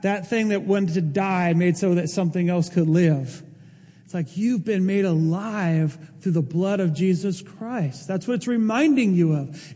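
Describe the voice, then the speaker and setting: A male pastor preaching a sermon in an impassioned way, his voice rising toward near-shouts. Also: sits high, big-room sound.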